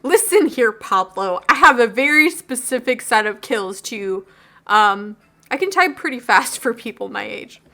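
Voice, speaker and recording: A woman's voice: a little high, lively intonation, a little slow, sharp tone, exaggerated voice. A woman voicing a protective, earnest middle-aged father in a dorky manner.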